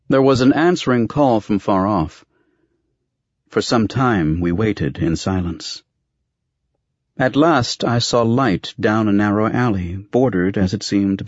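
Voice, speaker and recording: A man narrating a novel in measured, even storytelling. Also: on the low side, no room sound. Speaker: audiobook narrator. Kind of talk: scripted narration. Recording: dry, slightly muffled recording.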